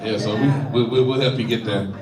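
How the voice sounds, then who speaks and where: A man's voice: on the low side, fairly even intonation, a little fast, a crowd in the background. A middle-aged man, a pastor, giving a preacherly community talk, stammering and checking in with "right?". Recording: echoey room, mic from far off.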